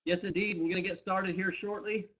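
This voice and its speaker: A man's voice: sits high, steady tone, a little fast, fairly bright tone, breathy edge. A man co-hosting a live company webcast, upbeat, greeting viewers by name and location. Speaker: company co-founder hosting a live product training. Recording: dull lo-fi webcast audio.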